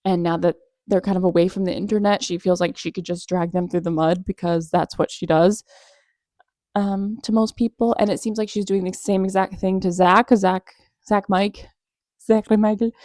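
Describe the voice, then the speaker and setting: A young woman hosts a casual commentary vlog, her tone mellow and relaxed. She talks in an animated, gossipy way, tossing in sarcastic asides. The sound is dry and close, with no room echo. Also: medium pitch, moderate pace. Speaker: commentary vlogger.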